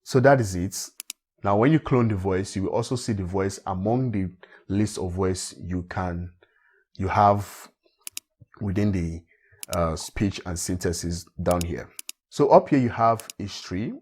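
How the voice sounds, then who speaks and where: A man from Africa walking viewers step by step through a software tutorial, often repeating himself. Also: low-pitched, a little slow, breathy edge. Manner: steady step-by-step walkthrough, repeats phrases. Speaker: tech tutorial host. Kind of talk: screen-recorded software tutorial.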